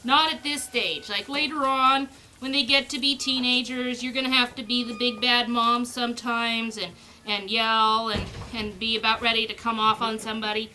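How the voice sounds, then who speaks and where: A woman with a high, bright, ringing voice explains how she raises her pups, chatting easily and breaking into sing-song baby talk to them. She is recorded outdoors on a farm, and there is a faint hiss of noise behind her. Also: level tone, moderate pace. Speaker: dog breeder. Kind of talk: casual explaining while handling puppies.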